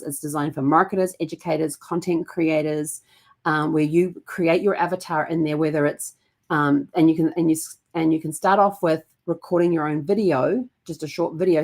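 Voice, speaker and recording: A woman's voice: low-pitched, gravelly. A woman with a New Zealand accent, chatting in a casual daily vlog in a rambling, meandering way that keeps correcting itself. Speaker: family history vlogger.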